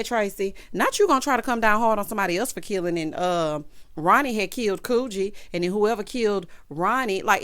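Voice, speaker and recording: A woman talks through a TV episode in a relaxed recap, animated and sassy. She keeps turning to her viewers with chatty asides. Her voice sits in an ordinary middle pitch for a woman. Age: adult with a child. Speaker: TV recap reviewer.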